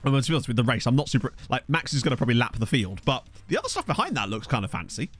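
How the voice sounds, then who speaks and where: A man's voice: medium pitch, big pitch swings, rapid-fire, faint music behind. A young man casually commenting while streaming a football management game, thinking aloud and thanking viewers. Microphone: desk USB microphone.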